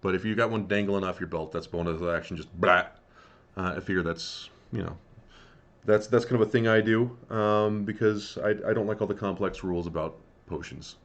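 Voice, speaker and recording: A man running a tabletop game as game master, chatty and relaxed, rambling with lots of ums. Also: deep voice, normal speed. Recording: dull lo-fi mic.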